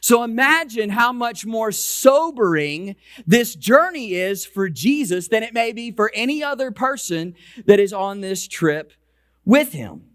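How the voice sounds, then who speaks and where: A male pastor preaching a conversational sermon, slowing down and dropping his voice to stress key points. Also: sing-song, a bit bright, dry recording, clean studio sound. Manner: slows and lowers voice for emphasis; conversational preaching with repeated restarts. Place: church sanctuary.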